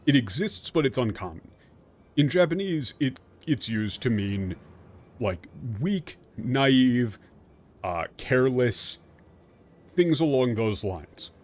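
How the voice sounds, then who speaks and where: A man streaming a game, casually explaining the translation in an animated, profane way. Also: mid-range voice.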